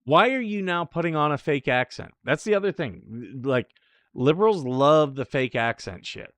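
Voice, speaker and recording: A man's voice: a little high, animated, normal speed, a bit bright, dry recording. A man hosting a live talk show, reacting to clips with scoffing, sarcastic remarks. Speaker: show host. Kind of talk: casual live commentary.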